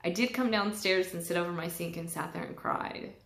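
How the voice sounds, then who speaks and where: A woman's voice: fairly low pitch, brisk, vocal fry, fairly bright tone. A woman talking casually and candidly in a personal vlog, getting emotional and swearing freely. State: tearful at times. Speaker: vlogger. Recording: echoey room.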